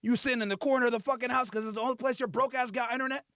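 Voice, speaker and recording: A man's voice: very high-pitched, steady tone, rapid-fire, a bit bright, dry recording, clean studio sound. A male podcast host telling a profane comedic rant in a mocking, crude storytelling manner.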